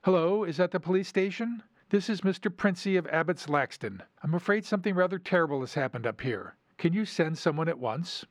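Stiff country gent, read by a man, clipped and earnest, lively pitch. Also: fairly quick, hardly any pauses, no room sound.

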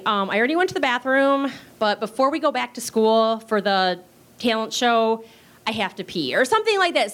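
A woman teaching improv in a chatty, casual way, swearing freely and acting out quick bits of dialogue. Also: fairly high pitch, fairly bright tone. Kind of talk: casual spoken lesson.

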